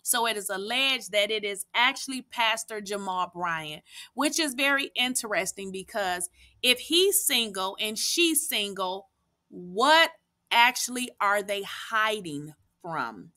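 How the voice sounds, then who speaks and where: A young adult woman giving casual celebrity gossip commentary, chatty and addressing her viewers directly with frequent pauses and "um"s. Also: mid-range voice, lively intonation, pushed and bright. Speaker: gossip news vlogger.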